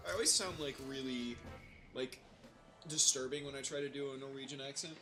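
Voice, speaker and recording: A young man playing a video game with a friend, loudly joking, teasing and laughing as he plays. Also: medium pitch, fairly quick. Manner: loud, teasing, bursts of laughter. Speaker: let's-play gamer. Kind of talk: casual gaming banter. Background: game music.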